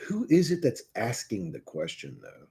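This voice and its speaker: His medium-pitched voice swoops wildly up and down, yet stays mellow at a moderate pace. Hosting a live stream, this man rants angrily and profanely at his audience, mocking as he goes and talking to viewers in the chat.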